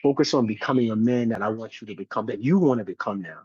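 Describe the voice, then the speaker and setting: A man's voice: on the low side, quick pace, a little mellow, slightly rough, dry recording, highs cut off, voice pushed down. A man quoting his father, a firm and caring middle-aged dad reassuring his son.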